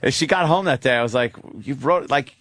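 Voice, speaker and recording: A man's voice: medium pitch, a little fast, a bit bright. A man hosting a radio talk show, reacting with laughs and profane banter in casual chat. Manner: laughing along, profane back-and-forth. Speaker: radio host.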